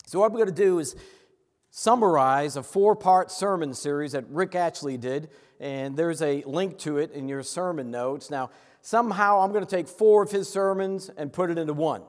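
A man from Massachusetts preaches a sermon with a high, bright voice. He is earnest, rushes through his asides and slows right down on the words he wants to land. His voice rings out with a long reverb from a large hall. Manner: earnest, with quick asides and slow emphatic stresses. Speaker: pastor.

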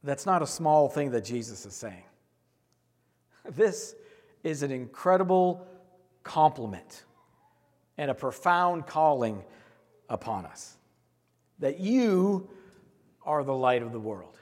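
Male pastor, high voice, earnest sermon cadence, recorded in a reverberant sanctuary. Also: sing-song, takes it slowly, long pauses, a little mellow. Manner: earnest, repetitive preaching cadence. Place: church sanctuary. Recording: long hall reverb.

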